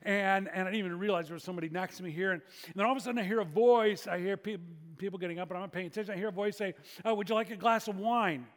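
A man preaching as pastor, telling stories with frequent restarts and hushed dramatic drops. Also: high-pitched, steady tone, rapid-fire, long reverb tail. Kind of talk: sermon.

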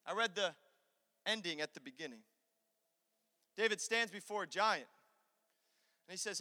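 High, bright preaching man in a reverberant hall. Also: moderate pace, pauses often. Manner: preachy, emphatic, swings from loud urging to quiet intensity. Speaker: pastor. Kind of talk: sermon. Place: church sanctuary.

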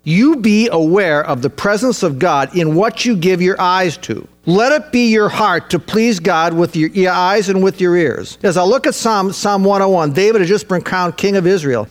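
A man preaching a sermon, earnest and urgent at times, then soft and reflective. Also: sits high. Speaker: pastor.

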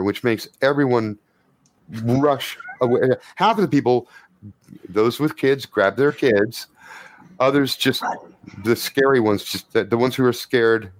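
A man's voice: mid-range voice, no echo. Dry-voiced man narrating as game master. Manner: animated, vivid scene narration with frequent profanity.

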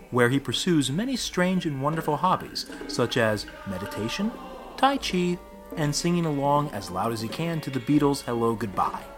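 A man as podcast announcer reading an author's bio in a plain reading voice. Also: mid-range voice. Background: music.

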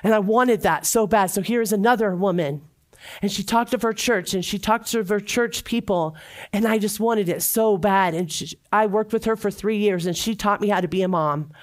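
A woman's voice: medium pitch, normal speed. Earnest middle-aged woman giving testimony. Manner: earnest and heartfelt, with emphatic repetitions. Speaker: church member giving testimony. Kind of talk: personal testimony.

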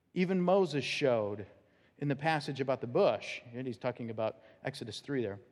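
Animated man preaching in a reverberant hall. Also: mid-range voice. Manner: animated, conversational preaching with acted-out quotes and laughs. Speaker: pastor. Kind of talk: sermon. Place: church sanctuary. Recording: long church hall reverb.

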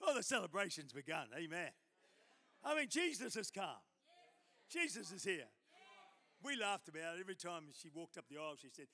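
Bright-voiced, animated preacher man. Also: high voice, fairly quick. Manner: animated storytelling, acting out dialogue. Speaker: pastor. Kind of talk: sermon. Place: church.

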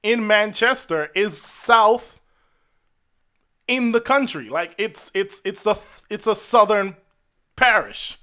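A man's voice: high-pitched, animated, takes it slowly, sharp tone, clear, resonant tone. A man from Jamaica telling personal stories to camera in a casual, earnest and wry way. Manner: earnest and wry, acts out the people in his stories. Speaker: vlogger.

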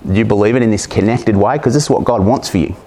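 A man's voice: lowish voice, quick pace, mellow. A man preaching a sermon, reading scripture aloud and breaking off into casual, humorous asides to the congregation.

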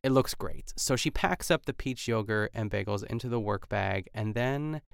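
Chatty podcast guy rambling on, gravelly lowish voice, dry close mic. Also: moderate pace, no room sound. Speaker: podcast host. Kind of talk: casual podcast recap chat.

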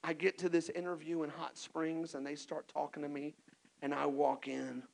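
A man from Texas, telling his own story in an animated, self-mocking sermon with lots of restarts. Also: on the high side, moderate pace, creaky. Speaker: preacher.

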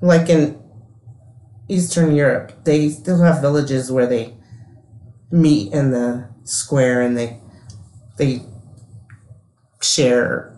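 A woman's voice: a bass voice, fairly even intonation, slow, pauses often, warm tone, roomy sound, rough recording. A woman co-hosting a podcast in casual chat, talking hesitantly with many fillers. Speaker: podcast co-host.

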